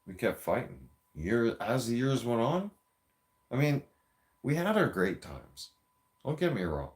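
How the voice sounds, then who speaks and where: A man's voice: medium pitch, very animated, unhurried. A man telling a story in a heated, profane, rambling rant with frequent restarts, a few beers in. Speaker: vlogger.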